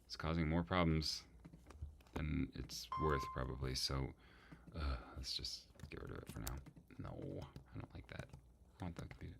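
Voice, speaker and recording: A man's voice: very deep voice, lively intonation, normal speed, gravelly, background noise. A man composing music and thinking aloud, muttering to himself and humming melodic lines on "da".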